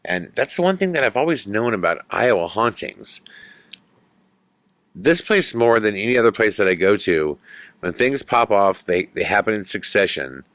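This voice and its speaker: A man hosting a podcast, telling a ghost story in an animated way that builds suspense. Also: lowish voice, moderate pace, dry recording. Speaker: podcast host.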